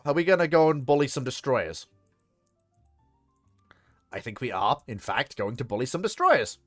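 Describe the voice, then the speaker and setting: With a mid-range, sing-song, fairly bright voice, a man talks at a moderate pace in a dry recording with faint music in the background. He's casually narrating a naval strategy game stream, often laughing, swearing, and putting on mock lines.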